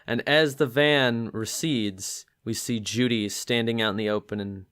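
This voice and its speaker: A man in a relaxed podcast chat about a film, speaking at an ordinary, middle pitch. He is lively and animated, and he often acts out lines from the scenes he retells. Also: measured pace, clear, resonant tone. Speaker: podcast co-host. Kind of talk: casual film discussion podcast.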